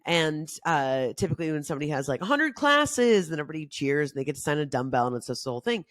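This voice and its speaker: A young adult woman hosting a casual self-help talk, chatty and animated, acting out quotes with big jumps in her voice. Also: sits low, quick pace, no room sound, studio quality. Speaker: podcast host.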